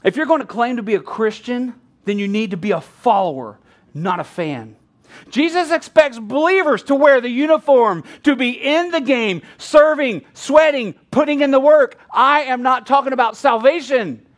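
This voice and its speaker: A man's voice: very high voice, animated, moderate pace. A middle-aged male pastor preaching a sermon, laughing often and acting out bits of dialogue.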